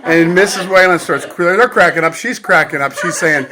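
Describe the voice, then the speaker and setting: A man casually telling family stories at a funeral luncheon, relaxed and acting out the lines he quotes. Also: high voice, normal speed, hardly any pauses, crowd noise. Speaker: family member sharing memories.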